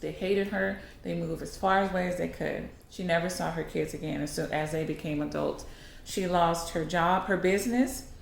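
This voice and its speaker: A woman's voice: on the low side, normal speed, creaky, reverberant, slight background noise. A woman vlogger telling a story casually to her viewers. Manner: chatty, animated.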